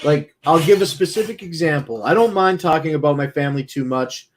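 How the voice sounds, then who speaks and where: A man's voice: fairly high pitch, lively intonation, a little fast, slight background noise. A man streaming, talking casually in a blunt, profane, rambling way. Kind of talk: casual talk.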